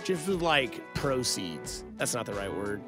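A man's voice: medium pitch, big pitch swings, measured pace, over music. Rambling male sports radio host. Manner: rambling and conversational, self-correcting. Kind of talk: casual late-night sports radio chat. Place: radio studio.

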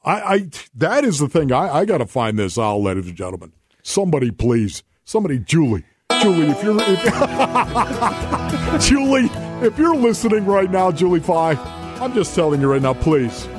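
A man's voice: on the high side, sing-song, normal speed, music in the background. A man hosting a sports radio show, joking and teasing his co-host in casual talk. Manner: playful, teasing, repeats words for effect.

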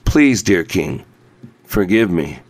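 A man's voice: low-pitched, big pitch swings, slow pace, pitched below the performer's own voice, heavily acted. A man voicing a wounded, repentant bearded man in a storybook, speaking weakly and pleading for forgiveness. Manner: weak, pleading.

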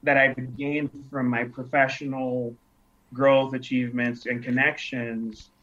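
A man's voice: medium pitch, flat delivery, measured pace, fairly bright tone. A man in his thirties from Nigeria, telling stories in a casual interview and acting out the dialogue. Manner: reflective storyteller who acts out quoted dialogue. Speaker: interview guest. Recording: dull lo-fi sound.

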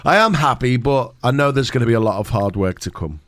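A man's voice: mid-range voice, expressive, fairly quick, a bit bright, no echo. A man in his thirties, a radio co-host and soon-to-be father, chatting in a good-natured, earnest way. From half Scottish, living in the UAE. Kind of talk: casual radio banter.

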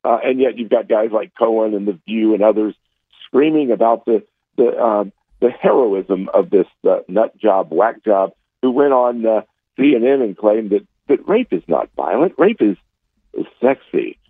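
A man's voice: lowish voice, expressive, normal speed, no echo. A man calling in over a tinny, narrow phone line, his voice dry and close with no room around it. He talks in a combative, scornful way, stumbling through fillers and restarts. This is political commentary on a call-in show. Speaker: political contributor.

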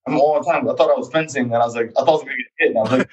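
A young man with a London accent chatting casually, relaxed and laughing easily, often acting out little quoted lines. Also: medium pitch, racing, husky, muffled recording. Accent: London English. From England. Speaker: fencer, guest. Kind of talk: casual chat.

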